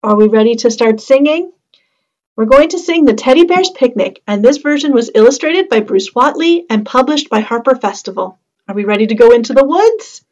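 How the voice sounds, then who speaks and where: A woman's voice: a little high, lively intonation, fairly quick, darkish tone, highs cut off. A young woman librarian leading a children's storytime, reading a picture book, chanting rhymes and singing in a sing-song, coaxing way.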